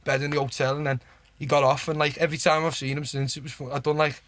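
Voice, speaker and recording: A man's voice: on the high side, fast talker, dry recording. A man with a Liverpool accent, a podcast guest telling stories in a chatty, sweary way and keeping on asking "do you know what I mean". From Liverpool, England. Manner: gets excited and laughs while telling stories. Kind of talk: casual anecdote-telling.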